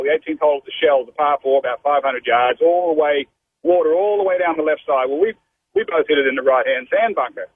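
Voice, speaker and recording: An Australian pro golfer in his fifties, telling golf stories as a guest on a radio interview, animated and saying "mate" often. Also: fairly high pitch. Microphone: telephone. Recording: phone line with faint noise.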